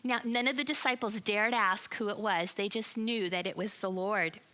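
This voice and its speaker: Bright, animated woman telling kids' Bible story. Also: mid-range voice, normal speed, low-quality recording. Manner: animated, asks the children questions. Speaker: children's Bible teacher.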